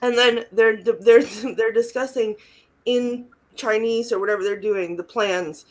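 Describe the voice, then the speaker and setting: A woman's voice: fairly high pitch, measured pace. A young woman co-hosting a podcast, casually recapping a film and often dissolving into giggles. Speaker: podcast co-host. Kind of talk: casual movie-recap chat.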